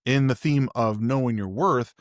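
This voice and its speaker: A man with a mid-range voice speaks at a moderate pace as he hosts a podcast, in a dry, studio-quality recording. His personal story comes out casual, candid and rambling, with many restarts.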